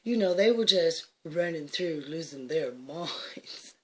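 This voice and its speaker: A woman, likely in her sixties, telling a personal story with emphatic swings from hushed to loud, laughing often. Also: deep voice, expressive, slow.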